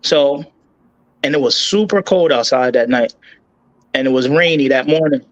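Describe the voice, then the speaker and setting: As an interview guest, a man shares a painful personal story, choked up and halting, with many restarts and repeated words. His voice is medium-pitched and the recording sounds muffled.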